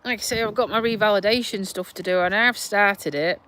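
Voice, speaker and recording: Speaking at a medium pitch with a pushed, bright quality, this middle-aged Lincolnshire woman carries a South Yorkshire twang. She's a vlogger on a livestream in her back garden, talking slowly and rambling, sighing, and replying to comments from viewers.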